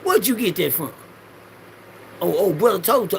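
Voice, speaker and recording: A man's voice: high voice, lively intonation, moderate pace, vocal fry, slight background noise. A middle-aged man rambling through a preachy personal monologue in loose slang, swearing freely and repeating lines for the audience to say back. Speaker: vlogger.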